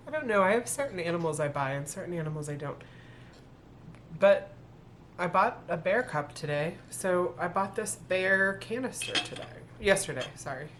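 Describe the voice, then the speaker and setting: A middle-aged woman with a lowish voice talks casually through her thrift finds. She thinks aloud and corrects herself as she goes. A faint room hiss sits underneath her voice. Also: fairly bright tone. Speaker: thrift reseller vlogger. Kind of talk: casual haul video talk.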